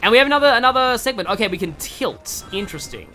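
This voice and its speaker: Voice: medium pitch, expressive, quick pace, pushed and bright, soft background music. An Australian streamer giving casual, rambling commentary on a game, self-deprecating and full of fillers.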